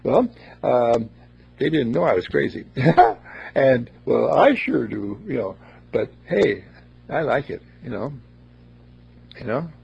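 Raspy man, playful and rambling, lively pitch, lo-fi recording. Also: slow, long pauses. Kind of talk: casual storytelling talk.

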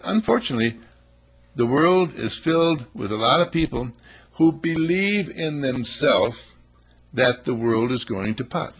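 A man's voice: medium pitch, animated, unhurried, slightly rough. A man preaching a sermon, emphatic and full of rhetorical questions, acting out little scenes as he goes.

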